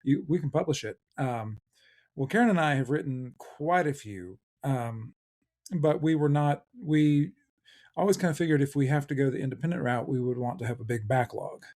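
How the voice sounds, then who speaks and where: A man in his thirties talks casually as an interview guest. He rambles, restarting his sentences and filling the gaps with ums and uhs, at an ordinary mid pitch. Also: moderate pace, a little mellow. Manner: rambling, many fillers and restarts. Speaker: co-author guest.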